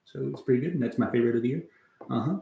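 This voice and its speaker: A man rambles loosely through a casual livestream, wandering from thought to thought and swearing offhandedly as he answers his chat. His voice sits at an ordinary middle pitch. The sound bounces around an echoey room. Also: racing, gravelly, warm tone, muffled recording. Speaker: music livestreamer.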